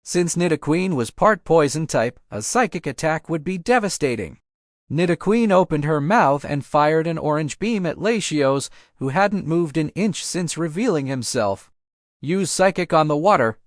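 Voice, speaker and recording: A man reading a fan fiction audiobook aloud in a steady storybook manner. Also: fairly high pitch, no room sound, clean studio sound. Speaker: audiobook narrator.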